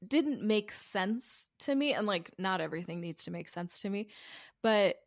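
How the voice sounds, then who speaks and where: A woman co-hosting a film podcast in a relaxed, chatty way. She hedges a lot and laughs at herself, and her voice is recorded close and dry with almost no room sound. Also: mid-range voice, normal speed, dry recording. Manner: hedging, self-deprecating, laughs often. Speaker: podcast co-host. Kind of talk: casual film review chat.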